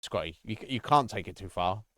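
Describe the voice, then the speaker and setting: A man's voice: fairly low pitch, animated, brisk, sharp tone, dry recording, clean studio sound. A man streaming a horror game, chatting casually, rambling and swearing often as he laughs at himself. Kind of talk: casual live gameplay chat.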